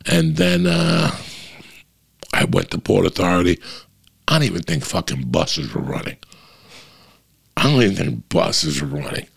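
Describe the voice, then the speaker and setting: Male comic from New Jersey, gravelly and husky, loose profane storyteller. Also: deep voice, sing-song, measured pace, long pauses. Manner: profane, rambling anecdote with frequent restarts. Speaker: comedian. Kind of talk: casual storytelling chat.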